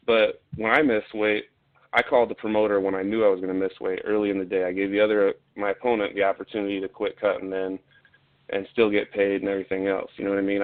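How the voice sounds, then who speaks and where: Blunt profane man on a tinny line. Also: on the low side. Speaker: podcast guest, fighter. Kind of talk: casual storytelling.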